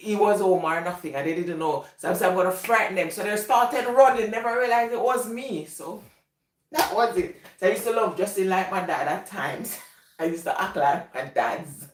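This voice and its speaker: A woman with a Jamaican accent telling casual, rambling stories and laughing often. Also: mid-range voice. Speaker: vlogger. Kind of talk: casual storytelling. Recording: echoey room, voice from a distance.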